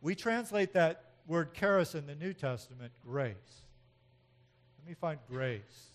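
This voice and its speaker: A man preaching a sermon in an animated way, swinging from loud emphatic outbursts to quiet asides, with frequent chuckles. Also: fairly high pitch, measured pace. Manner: chuckles often between points. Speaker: pastor.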